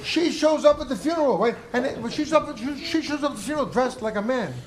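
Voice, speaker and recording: A man's voice: very high voice, fast talker, slight background noise. A former boxer telling an emotional, rambling story live at a comedy club, repeating himself as he goes.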